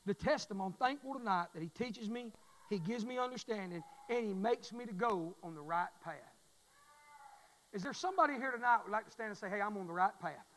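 A man preaching a fervent sermon in a church, repeating his phrases and swelling into loud pleas. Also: high-pitched, a little fast, in a large hall, slight background noise, poor audio. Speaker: pastor.

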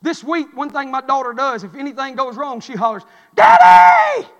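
A man's voice: very high-pitched, fairly quick, sharp tone, slight background noise. A man preacher, delivering an impassioned, repetitive sermon in a church. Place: church sanctuary. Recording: long hall reverb.

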